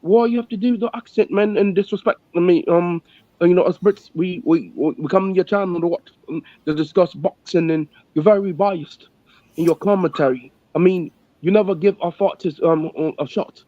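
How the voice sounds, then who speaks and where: An indignant British boxing fan, played by a man in a put-on accent, grumbling that he gets no respect. The voice sits fairly high for a man. The sound is muffled and dead dry. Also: moderate pace, warm tone, dry recording, lightly acted. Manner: complaining, preachy.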